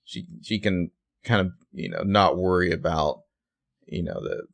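A man's voice: sits low, unhurried, creaky, dry recording. A man co-hosting a podcast, chatting bluntly and casually about a TV episode with frequent swearing and fillers. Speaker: podcast co-host. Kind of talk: casual recap chat.

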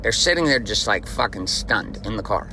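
A man's voice: lowish voice, lively intonation, moderate pace, background noise. A man in his forties hosting a motivational podcast, talking bluntly and emphatically, with frequent profanity. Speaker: podcast host.

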